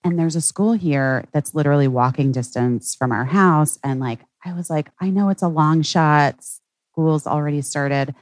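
A woman's voice: sits low, moderate pace, no room sound. A woman co-hosting a podcast, chatting casually and emotionally about her family and work. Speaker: podcast co-host.

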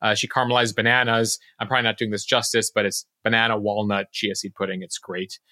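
A man co-hosts a news podcast in a loose, conversational way, often pausing on "uh" between thoughts. His tone is bright and forward at a middling pitch. The sound is dry and close on a studio mic. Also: no echo. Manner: relaxed and chatty, with frequent "uh" fillers.

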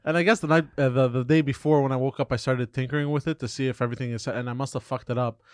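A man on a podcast who answers haltingly and keeps repeating his words. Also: medium pitch, fairly even intonation, dry recording, clean studio sound. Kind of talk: casual podcast banter.

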